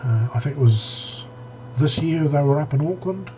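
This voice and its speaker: A man's voice: a little high, expressive, normal speed, dark tone, a little hiss or hum. A man co-hosting a casual tech podcast, rambling with many restarts and fillers. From New Zealand. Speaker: podcast co-host.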